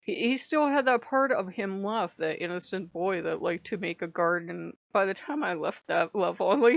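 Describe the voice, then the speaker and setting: Gravelly-voiced chatty woman vlogger. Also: lowish voice, moderate pace, few pauses, no room sound, muffled recording. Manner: chatty, laughing, animated storytelling. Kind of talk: casual chat.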